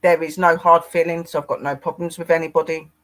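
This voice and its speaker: Sex: man. Role: livestream co-host. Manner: rambling chat, rather high voice. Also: little pitch movement, brisk, fairly bright tone. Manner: rambling, greets viewers by name.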